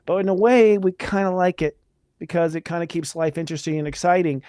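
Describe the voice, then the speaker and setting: Male astrology host, casual and enthusiastic, slightly high voice, dry close sound. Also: no echo. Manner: chatty, energetic, spiritual enthusiasm. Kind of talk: casual live astrology talk.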